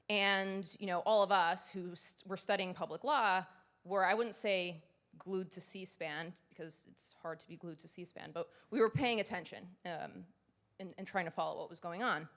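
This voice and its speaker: A woman's voice: lowish voice, moderate pace, a bit bright. A woman in her thirties giving a conversational, self-deprecating conference talk, with frequent fillers. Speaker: conference speaker. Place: conference stage.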